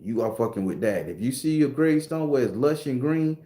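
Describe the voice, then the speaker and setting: A man's voice: mid-range voice, animated, fairly quick, dark tone, roomy sound. A man from Florida, hosting a casual livestream chat with loose, profane slang and jokes. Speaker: host and spooky storyteller.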